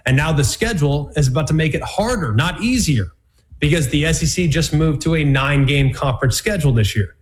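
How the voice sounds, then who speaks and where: Punchy college football analyst, fairly high voice. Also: male voice, lively intonation, a little fast. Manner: punchy, emphatic, uses repetition and catchphrases. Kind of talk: sports commentary show.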